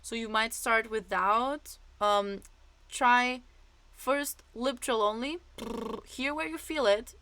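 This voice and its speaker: A woman voice teacher walks through vocal exercises, chatty and hands-on, dropping in fillers as she demonstrates. Her voice sits a little high and rings bright and sharp. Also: slow pace. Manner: casual, demonstrative explanations with many fillers.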